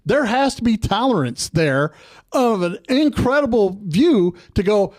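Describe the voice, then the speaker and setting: An American man debating politics on a weekly talk show, his voice pitched high and swinging widely. He argues heatedly and interrupts to press his point. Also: measured pace. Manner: animated, argumentative, interrupts often.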